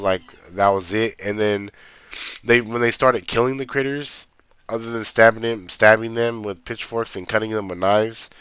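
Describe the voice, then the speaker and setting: A man's voice: on the low side, a bit bright, smooth, no room sound. A man giving a casual movie review, exasperated and incredulous, full of fillers.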